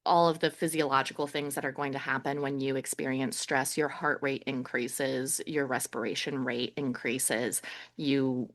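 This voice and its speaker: A woman's voice: rumbling low, steady tone, normal speed. A woman co-hosting a podcast about dog training, walking through steps in a methodical, explanatory way. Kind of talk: casual podcast chat.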